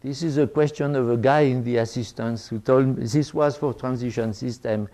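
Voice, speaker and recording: A man's voice: medium pitch, fairly even intonation, mellow. An older French man giving an academic talk in English, with many fillers and restarts. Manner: halting, with frequent fillers and restarts. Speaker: lecturer.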